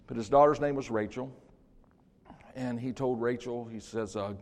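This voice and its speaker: An older man preaching a sermon as pastor in a church, swinging from hushed to loud with joking asides. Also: medium pitch, steady tone, moderate pace. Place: church sanctuary. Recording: long reverb of a church hall.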